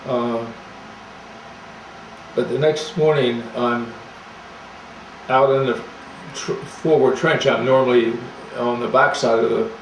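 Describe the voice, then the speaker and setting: An older veteran speaks in a level, unhurried monotone, plain and matter-of-fact. He pauses often as he recalls details. The voice comes from away from the mic in a roomy space, with faint hiss. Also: medium pitch. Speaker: army veteran. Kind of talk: oral history storytelling. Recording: echoey room, distant mic, faint noise.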